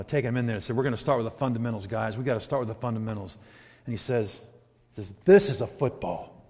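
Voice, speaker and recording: A man preaching a sermon, swinging from hushed, reflective asides to loud, emphatic points. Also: medium pitch. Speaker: pastor. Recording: hall reverb.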